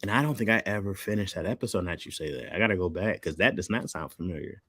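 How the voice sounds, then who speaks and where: A man's voice: deep voice, quick pace, fairly bright tone, dry recording. A man streaming live, chatting casually in loose slang and answering chat. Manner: loose slangy talk, reads chat aloud.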